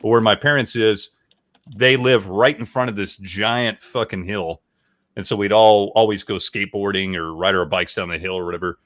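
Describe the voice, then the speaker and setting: A man's voice: fairly low pitch, moderate pace, fairly bright tone, no echo, studio quality. A man from Tennessee telling a story in a rambling, casual way with lots of fillers. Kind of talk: casual chat.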